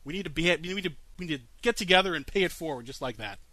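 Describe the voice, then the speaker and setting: A man's voice: a little high, lively intonation, racing, pushed and bright, no room sound. A man hosting a comic radio show, answering listener questions in a boastful, sarcastic and crude way.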